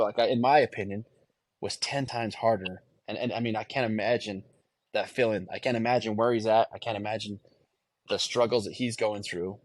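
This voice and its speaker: A man's voice: fairly low pitch, a little mellow, no echo. Man, thirties, interview guest, candid, reflective, stumbles and restarts, dry close sound. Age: 30s. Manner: earnest, reflective, restarts phrases often.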